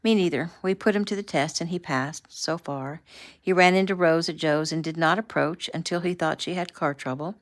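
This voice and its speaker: A woman voicing a protective middle-aged father who speaks in a warm, teasing, fatherly way, in a read-aloud novel. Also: low voice, moderate pace, close to an everyday voice.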